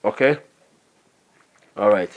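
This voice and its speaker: A man's voice: on the low side, expressive, slow, dull audio. A man with a Nigerian accent giving a motivational business training talk, earnest and often checking in with "okay?". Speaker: network marketing trainer.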